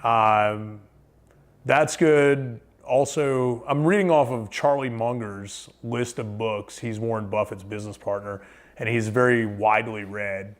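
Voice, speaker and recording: A man's voice: on the low side, steady tone, a little slow. Rambling man telling trail stories. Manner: rambling, lots of fillers and restarts. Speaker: podcast guest, thru-hiker. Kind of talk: casual storytelling chat.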